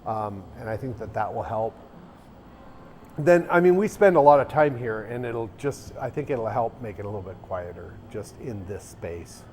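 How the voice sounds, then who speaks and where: The owner of an arcade café chats casually on a livestream from inside the venue, rambling and restarting as he thinks aloud. His lowish, darkish voice is expressive and moderately paced, with slight background noise.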